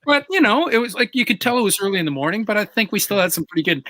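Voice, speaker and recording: A man's voice: high voice, racing, no room sound. A man, a guest drummer, chatting casually and telling stories with eager questions. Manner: animated storytelling, eager questions. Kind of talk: casual chat.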